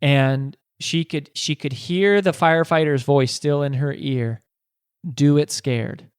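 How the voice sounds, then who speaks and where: Hosting his podcast, a man shares an inspiring story in earnest, with frequent false starts and rhetorical questions. His voice is fairly high, smooth, and unhurried, captured in a clean, dry studio recording.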